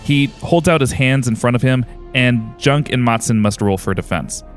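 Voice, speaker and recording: A man's voice: medium pitch, moderate pace, faint music behind. A man narrating a tabletop game as game master, describing the combat in dramatic detail.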